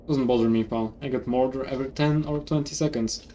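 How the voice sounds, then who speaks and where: A man streaming a game, a native Polish speaker, joking wryly while he reads the dialogue aloud. His voice sits at an ordinary pitch, with faint noise in the background. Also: fairly even intonation, fairly quick, warm tone. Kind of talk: casual let's-play commentary.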